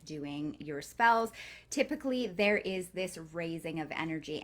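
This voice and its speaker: Casual, chatty woman leading a workshop. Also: lowish voice. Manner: casual and chatty, loose with swearing; rambling, with frequent fillers and restarts. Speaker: coven workshop leader. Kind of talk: live online workshop lesson.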